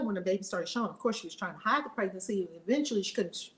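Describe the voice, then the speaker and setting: A woman spiritual teacher telling a story in an animated, conversational way. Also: mid-range voice, racing, roomy sound. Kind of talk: storytelling lesson.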